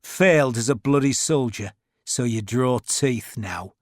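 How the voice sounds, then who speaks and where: A man's voice: mid-range voice, unhurried, no room sound, clean studio sound, natural voice. A male narrator voicing a tough, blunt army lieutenant who speaks in short, sneering replies. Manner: curt, sneering.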